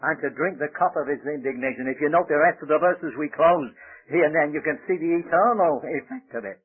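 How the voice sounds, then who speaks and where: A man preaching a sermon, pleading and emphatic, rising loud when he quotes scripture. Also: fairly high pitch, animated, brisk, breathy edge. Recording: tinny phone-like old radio broadcast.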